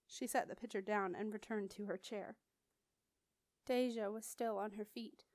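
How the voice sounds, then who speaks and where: A woman narrating a novel as an audiobook, measured and clear. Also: medium pitch, steady tone, darkish tone, no echo. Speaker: audiobook reader.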